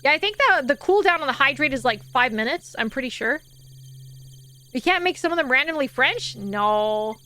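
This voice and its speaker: A woman streamer chatting casually with her viewers, laughing and swearing freely, then reading second-person game narration in a slower, softer voice. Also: high-pitched, animated, low-quality recording. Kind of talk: casual live-stream chat and reading game text aloud.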